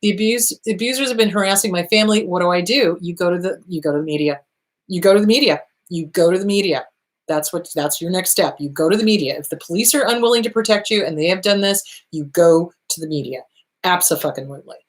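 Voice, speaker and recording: A woman's voice: on the low side, fast talker. A woman hosting an advice talk, answering viewer questions bluntly and emphatically, repeating her points and swearing freely, her voice starting to tire.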